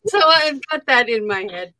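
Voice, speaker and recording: A woman's voice: high-pitched, fairly bright tone, no room sound, low-quality recording. A woman hosting a casual art live stream, bubbly and playful with sing-song exclamations.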